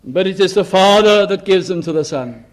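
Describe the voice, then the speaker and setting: Preacher, man, high-pitched, fervent rhythmic sermon delivery. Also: lively intonation, moderate pace. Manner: fervent, rising to emphatic repeated cries then dropping to hushed close.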